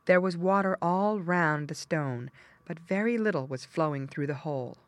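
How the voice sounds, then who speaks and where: Low lively woman reading an audiobook story, dry close mic. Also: normal speed, no echo. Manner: expressive storytelling. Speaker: narrator. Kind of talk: audiobook narration.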